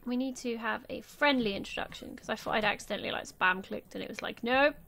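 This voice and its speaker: Bright-voiced woman swearing at a game. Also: fairly high pitch, fast, creaky. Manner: chatty, swears freely, talks back at game characters. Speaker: gameplay video host. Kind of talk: casual gameplay commentary.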